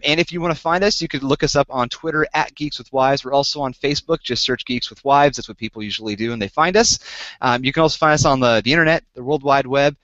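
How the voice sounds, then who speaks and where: A man hosting a podcast, telling a story and acting out both sides in an animated, incredulous way. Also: mid-range voice, no echo. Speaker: podcast host. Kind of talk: casual storytelling chat. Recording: dull lo-fi podcast audio, dry.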